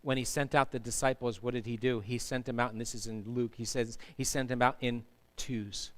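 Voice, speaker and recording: A man's voice: mid-range voice, fairly even intonation, fairly quick, fairly bright tone. A man preaching a sermon as pastor in a church, emphatic and asking the congregation to answer back. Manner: emphatic, asks the congregation to respond. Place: church sanctuary.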